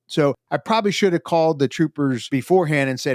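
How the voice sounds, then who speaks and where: Man, retired agent, casual storytelling, animated quotes, mid pitch, dry close sound. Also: quick pace, few pauses, dry recording. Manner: animated, acts out his own quoted lines. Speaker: retired FBI agent, podcast guest.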